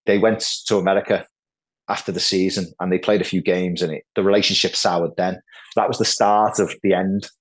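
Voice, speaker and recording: A middle-aged man, telling lively football anecdotes as a podcast guest, peppered with "like" and "right". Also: low voice, brisk. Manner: animated anecdotes, lots of "like" and "right". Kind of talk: casual storytelling chat.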